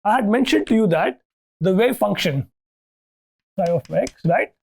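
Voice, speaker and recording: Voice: medium pitch, expressive, measured pace, vocal fry, darkish tone, slightly rough. A lecturer giving a university lecture, thinking aloud with restarts and often asking "okay, right?" to check that students follow.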